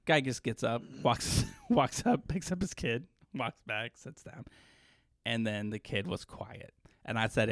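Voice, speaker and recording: A man on a podcast telling a story with lots of comic asides, worn out and short on sleep. His voice sits at an ordinary middle pitch, heard close and dry with no room around it. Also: a little slow, no echo. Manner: animated storyteller, jokey, acts out voices. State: exhausted. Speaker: podcast co-host. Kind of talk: casual chat.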